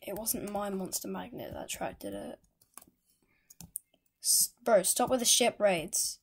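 A woman giving live gameplay commentary, excitable and exasperated, ranting at the game. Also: medium pitch, measured pace, vocal fry, slight background noise. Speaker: gamer. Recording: loud game music behind the voice. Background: loud game music.

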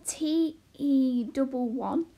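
A woman reading aloud, voicing an eager, bold tiny girl who asks excited, breathless questions. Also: sits high, a little slow, husky, voice pushed up, heavily acted. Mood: puzzling.

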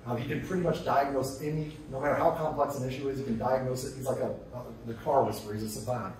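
Fast-talking man in an echoey hall. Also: mid-range voice, a little hiss or hum. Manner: energetic, conversational, asks rhetorical questions. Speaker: keynote speaker. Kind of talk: conference keynote with stories. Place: large conference hall. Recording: echoey hall, distant mic.

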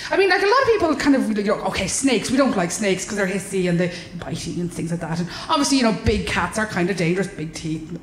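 An Irish woman doing stand-up comedy on a club stage, animated, exaggerated and sweary. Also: on the high side, slight background noise. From Ireland. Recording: roomy live venue.

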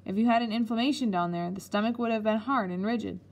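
Woman reader as storybook doctor, calm, perceptive, not unkind. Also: fairly high pitch, close to an everyday voice. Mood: knowing. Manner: measured, knowing. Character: wise male family doctor, shrewd but kind.

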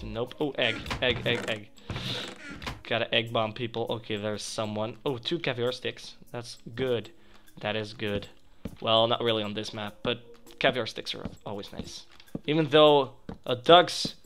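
A young man commentating a video game he is playing, chatting to viewers and yelping loudly whenever something goes wrong. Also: medium pitch. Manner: excitable, yelps and shrieks when startled. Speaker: gaming channel host. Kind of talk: let's play commentary.

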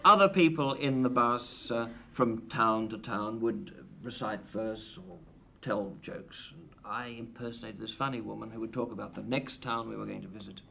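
Man, middle-aged, dry wry storyteller, gravelly voice, faint hiss. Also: on the low side, fairly even intonation, normal speed, hardly any pauses, pushed and bright. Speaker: comedian, talk show guest. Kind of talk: anecdotal chat. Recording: 1980 TV studio with light hiss.

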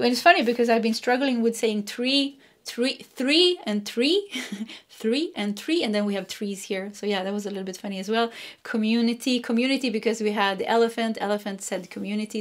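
Woman, tarot reader, chatty, laughs a lot, slightly high voice. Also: fairly bright tone. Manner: chatty, laughs often, repeats phrases. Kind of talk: casual pick-a-card tarot reading.

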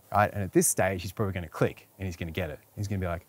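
A man's voice: sits low, very fast, no room sound. A man hosting a relationship advice vlog, frank and coaching, often checking in with the viewer. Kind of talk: direct-to-camera advice vlog.

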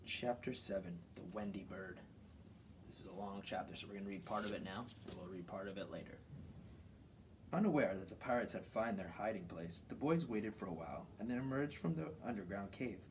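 A man reading a children's book aloud in an informal, relaxed way, from his home garage workshop. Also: on the low side, brisk, recorded from a distance, noisy background. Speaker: children's story reader.

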